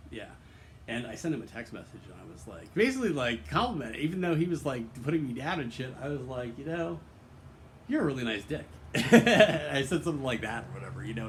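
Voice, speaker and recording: A man at a middle pitch pours out a rambling personal confession. His talk is candid and earnest, laced with swearing, and full of false starts and fillers as he circles his point. A faint hum of background noise sits under his voice. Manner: earnest and emotionally open. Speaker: vlogger.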